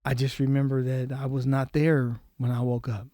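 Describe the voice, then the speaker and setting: A man telling a painful personal story as a podcast guest, halting and repeating words, his voice often dropping low and soft. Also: level tone, dry recording, clean studio sound.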